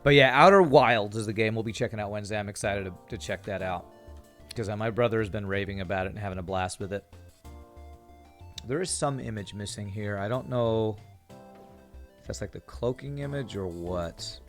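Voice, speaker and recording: A man's voice: lowish voice, normal speed, faint music behind. Rambling, chatty man streaming a game. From California. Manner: rambling, chatty, repeats words while thinking. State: tired from a busy season. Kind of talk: casual gameplay commentary with chat.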